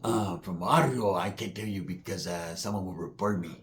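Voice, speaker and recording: A man's voice: low-pitched, moderate pace, a little hiss or hum. A man from Southern California with a Chicano English accent, rambling through a comedic monologue full of "I say" asides and Spanish slang.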